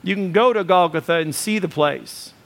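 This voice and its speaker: A man's voice: high-pitched, normal speed, gravelly. A male pastor preaching a sermon in a conversational style with many fillers, building to emphatic repeated lists.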